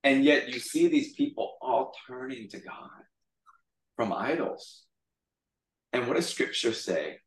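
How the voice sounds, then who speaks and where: A male pastor giving a casual, animated sermon, retelling a story in conversational storytelling style, heard in an echoey room from a distant mic. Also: mid-range voice, measured pace, pauses often.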